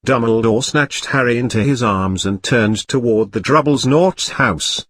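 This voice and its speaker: A man's voice: medium pitch, a little slow, fairly bright tone, no echo. Man reading a comic storybook, dry. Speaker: narrator.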